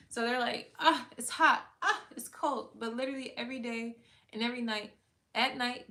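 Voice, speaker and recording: A woman's voice: a little high, a bit bright. A woman livestream host in casual faith chat, talking loosely and candidly, full of "like" and the odd swear word. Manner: laughs often between thoughts.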